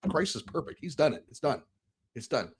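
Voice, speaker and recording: Medium-pitched and slightly rough, this man's voice moves briskly with big pitch swings. A podcast host being interviewed, he speaks earnestly and candidly about faith, often restarting and repeating words in search of the right one.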